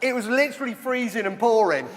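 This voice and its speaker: An English man hosting a lively online church chat, jokey and upbeat, greeting guests by name. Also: very high voice, fast talker, in a large hall. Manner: jokey, upbeat, calls people mate. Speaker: host.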